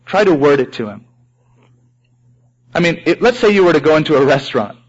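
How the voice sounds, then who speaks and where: Male preacher, high voice, animated sermon delivery, acts out prayers; dull lo-fi recording. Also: fairly quick, husky.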